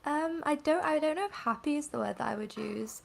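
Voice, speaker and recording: A woman's voice: sits high, animated, fairly quick, gravelly, slight background noise. A woman co-hosting a casual live stream, wry and playfully dry. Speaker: co-host.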